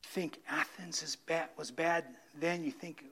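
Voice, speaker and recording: Male pastor, slightly high voice going hoarse, fervent sermon-and-prayer delivery. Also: fairly even intonation, a little slow, hardly any pauses, a bit bright. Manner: fervent, pleading, voice dropping low in prayer. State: losing his voice.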